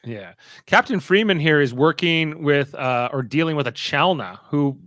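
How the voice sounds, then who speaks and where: A man hosting a podcast talks through an episode in loose, casual chat. His voice sits a little high, and he rambles with fillers and false starts. The sound is close and dry. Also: lively intonation, moderate pace, fairly bright tone, dry recording. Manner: rambling recap with many fillers and restarts. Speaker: podcast host.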